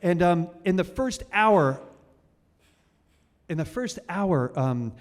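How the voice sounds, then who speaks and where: A man's voice: high-pitched, expressive, takes it slowly. A man in his forties hosting a live storytelling show, rambling and self-deprecating, with many fillers and restarts. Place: stage of a cultural center hall. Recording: reverberant live hall.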